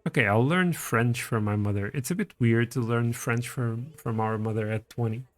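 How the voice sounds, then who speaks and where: A man's voice: mid-range voice, normal speed. A man casually commenting on his strategy game and reading its text aloud as he plays. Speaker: streamer playing a strategy game.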